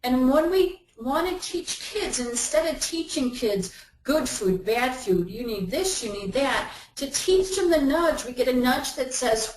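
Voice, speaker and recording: A woman's voice: sits high, expressive, a little slow. A woman giving a webinar talk in a conversational way, acting out everyday inner voices as she explains. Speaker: webinar presenter. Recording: roomy echo.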